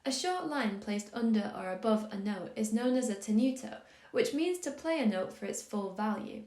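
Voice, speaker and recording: A woman giving a scripted music theory lesson, explaining in a calm, measured, clearly paced way. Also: on the high side. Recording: roomy echo on the voice.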